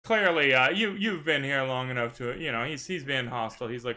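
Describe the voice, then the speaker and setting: A man's voice: medium pitch, brisk, pushed and bright. A man narrating a tabletop game as game master, wordy and theatrical, with frequent "right?" asides.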